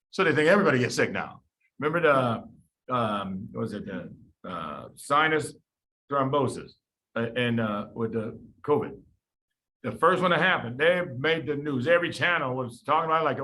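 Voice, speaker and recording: A man from Chicago's south side gives a casual medical lecture, chatting conversationally and acting out the people in his stories. His voice is medium in pitch with big swings, a brisk pace, and a fairly bright tone.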